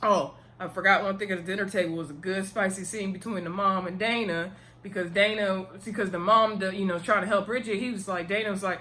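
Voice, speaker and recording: A woman giving a casual, animated recap of a TV episode, full of slang and playful asides. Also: mid-range voice, brisk, few pauses, a little hiss or hum. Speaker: TV episode reviewer.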